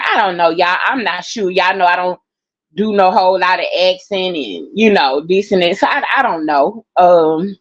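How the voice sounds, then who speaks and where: A tired woman talking casually to her viewers, rambling and heartfelt, calling them y'all and laughing through her exhaustion. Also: fairly low pitch. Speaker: vlogger. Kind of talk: casual personal talk to viewers. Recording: dull lo-fi sound.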